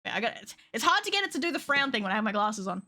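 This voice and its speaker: A woman's voice: a little high, very animated, racing, bright, forceful tone. A woman streaming a game, chatting casually in a rambling, giggly way and swearing freely. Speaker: VTuber streamer and model rigger. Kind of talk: casual live-stream chat while gaming.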